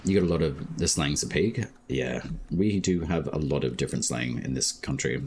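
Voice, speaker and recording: Very deep-voiced Australian man streaming. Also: darkish tone, a little hiss or hum. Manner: slow, laid-back talk with many "like" fillers. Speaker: game streamer. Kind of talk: casual live-stream chat.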